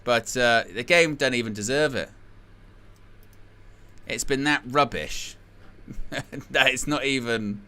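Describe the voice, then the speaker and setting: A man hosting a live football watch-along, his voice very bright and sharp-edged, with a smooth, crisp clarity. He talks in a sarcastic and exasperated way. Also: mid-range voice, takes it slowly, long pauses. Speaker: host.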